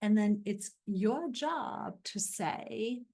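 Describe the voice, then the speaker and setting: A woman talks listeners through a spiritual practice in a slow, unhurried monologue. Her voice sits at an ordinary middle pitch, and she leans on repetition and soft "right?" tags as she affirms each point. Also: animated. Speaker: spiritual coach and podcast host.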